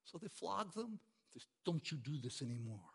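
High-voiced man preaching with fervor. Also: big pitch swings, normal speed, vocal fry, breathy edge. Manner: impassioned preaching, rising to exclamations and dropping to quiet emphasis; repeats words and phrases for emphasis. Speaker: pastor. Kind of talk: sermon.

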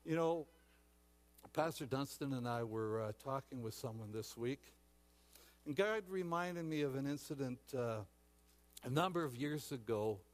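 A man's voice: medium pitch, unhurried, pauses often. A man preaching a sermon as pastor, repeating words and restarting often, then dramatically acting out frightened voices. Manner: dramatic, acts out shouting disciples.

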